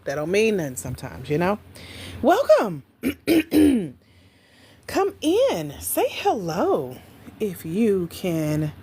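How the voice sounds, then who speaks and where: Lively, chatty woman livestream host. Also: mid-range voice, takes it slowly, long pauses, breathy edge. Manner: chatty, playful, talks straight to viewers. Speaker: livestream host, grants coach. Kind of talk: casual livestream chat.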